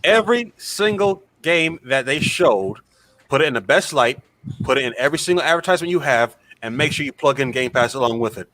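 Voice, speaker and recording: A man on a gaming podcast, speculating out loud and swearing casually. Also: mid-range voice, animated, brisk.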